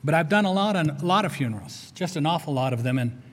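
An older male chaplain preaches in a slightly high voice, telling stories in an earnest, conversational way. His words ring out with the long reverb of a large hall. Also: lively intonation, quick pace. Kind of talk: sermon.

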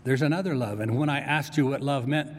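A man preaching a sermon as pastor, animated and storytelling, with playful asides to his congregation. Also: mid-range voice, fairly quick. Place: church sanctuary. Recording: long reverb from a church hall.

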